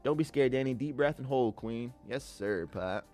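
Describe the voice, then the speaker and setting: A man live-streams his day trades, walking through the charts in a relaxed, upbeat manner and calling chatters "king" and "brother." His medium-pitched voice is expressive and dark, at a moderate pace, with faint music in the background.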